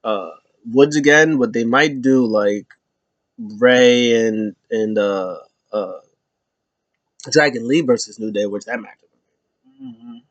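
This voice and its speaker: A man casually recapping a wrestling show alone, rambling with lots of fillers and slipping into high voices for quotes. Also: slow pace, pauses often, dry recording, dull audio.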